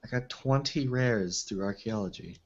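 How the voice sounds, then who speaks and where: Gravelly, lowish male co-host, easygoing, muffled home mic. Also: moderate pace. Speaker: podcast co-host. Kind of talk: casual chat.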